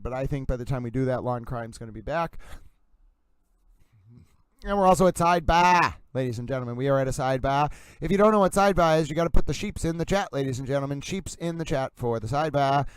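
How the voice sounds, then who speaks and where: A man's voice: medium pitch, clean tone, no echo. A man with a Massachusetts accent hosting a livestream, rambling playfully in a mock-grand, announcer-like manner. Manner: announcer-like delivery, mock-grand, keeps addressing "ladies and gentlemen". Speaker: livestream host.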